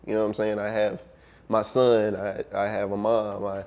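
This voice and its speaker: Here a music producer sits as an interview guest in a casual conversation, his voice low and the audio dull. His delivery is laid-back and thoughtful, dotted with ums and trailing pauses.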